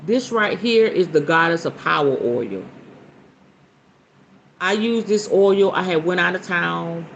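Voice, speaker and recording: A woman's voice: on the low side, expressive, unhurried, muffled recording, a little hiss or hum. A middle-aged woman hosting a casual live stream about spiritual practice. She jokes bawdily, laughs often and chats with viewers by name. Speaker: spiritual practitioner and show host.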